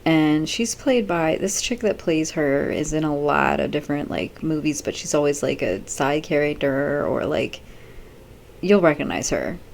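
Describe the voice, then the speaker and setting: A woman's voice: sits low, expressive, measured pace, vocal fry, darkish tone, slight background noise. A middle-aged woman vlogging in casual chat, rambling off the cuff with many fillers.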